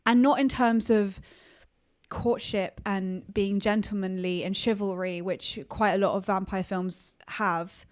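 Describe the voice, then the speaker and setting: Animated female podcast co-host, casual film chat. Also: mid-range voice, a little slow.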